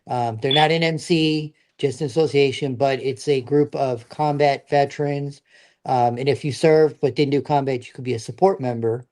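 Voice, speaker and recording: A man's voice: medium pitch, steady tone, normal speed, darkish tone. A middle-aged man, a veteran guest, telling his stories in a casual, earnest, plain-spoken way. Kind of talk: casual storytelling.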